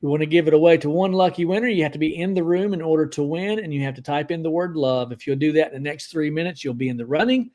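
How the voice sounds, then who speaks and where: Upbeat male co-host with a slightly raised pitch, chatting casually and reading viewer questions on a live show. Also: quick pace, few pauses, a little mellow. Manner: upbeat, reads viewer comments aloud. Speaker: podcast co-host. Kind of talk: casual live-stream chat.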